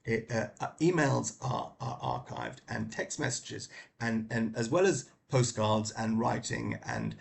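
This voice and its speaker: A man's voice: medium pitch, big pitch swings, unhurried, creaky, a little hiss or hum. A middle-aged man giving a casual spoken book review, hesitant and full of fillers and restarts.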